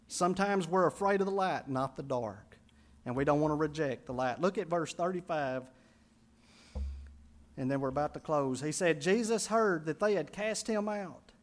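A man preaching a sermon as pastor, building to emphatic, rising intensity on key phrases. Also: high voice.

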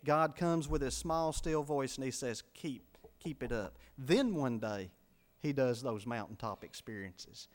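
A man preaching a sermon, building to loud emphatic swells and dropping to quiet asides. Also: mid-range voice, measured pace. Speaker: pastor.

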